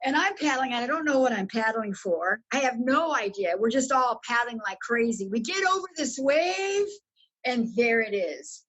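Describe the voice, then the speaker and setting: Animated, husky woman telling a story. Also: normal speed, dull audio. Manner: animated, profane, swoops high when excited. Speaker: guest. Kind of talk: casual storytelling.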